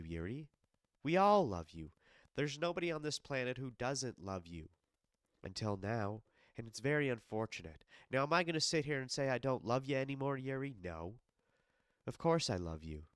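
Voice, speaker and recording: A man's voice: mid-range voice, normal speed, no echo, studio quality. A man hosting a podcast alone, sick and congested, ranting loosely with lots of swearing and talking straight to a fighter. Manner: animated, profane, talks straight to the absent fighter. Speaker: podcast host. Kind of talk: casual solo podcast rant. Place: home basement studio.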